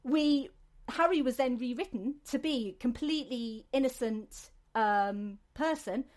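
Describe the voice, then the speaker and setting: A woman's voice: sits high, a little slow, a little mellow. Rambling British woman podcaster. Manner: chatty, rambling with many ums and restarts. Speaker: podcast host. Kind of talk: casual chat.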